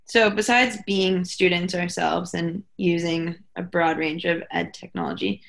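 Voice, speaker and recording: A woman's voice: on the low side, measured pace, creaky. Chatty young woman co-hosting a podcast. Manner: chatty, animated storytelling with quoted asides. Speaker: podcast co-host. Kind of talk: casual chat.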